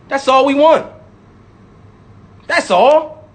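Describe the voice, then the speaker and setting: High-voiced man ranting with profanity. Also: expressive, moderate pace, long pauses, fairly bright tone. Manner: profane, repetitive, emphatic; mocks imagined critics in sudden voices. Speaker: rapper speaking out. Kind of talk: impassioned monologue.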